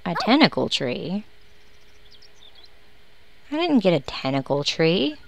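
A woman's voice: on the low side, sing-song, takes it slowly, gravelly. A woman giving casual, sarcastic commentary while playing a life-simulation game, grumbling at her characters. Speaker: let's play host. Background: background music.

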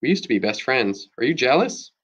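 A man's voice: mid-range voice, sing-song, brisk, a bit bright, husky, dull audio, pitched above the performer's own voice. A man voicing an earnest, loyal middle-school girl in a read-aloud chapter book. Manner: earnest, pleading.

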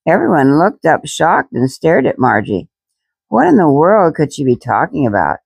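Woman reader for a children's story, gentle, expressive, lively and gravelly. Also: low voice, no room sound. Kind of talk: reading a children's storybook aloud.

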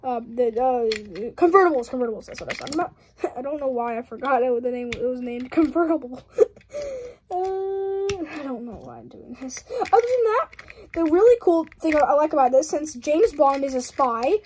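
Giggly high-voiced young woman rambling. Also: fairly quick, a little mellow, a little hiss or hum. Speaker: hobby channel host. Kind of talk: casual build commentary.

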